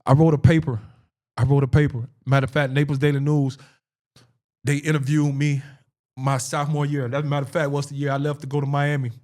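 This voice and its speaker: A man with a fairly high, darkish voice co-hosts a podcast, speaking briskly with little pitch movement. He tells a personal story in an emphatic, conversational way, repeating phrases for stress and acting out quoted dialogue.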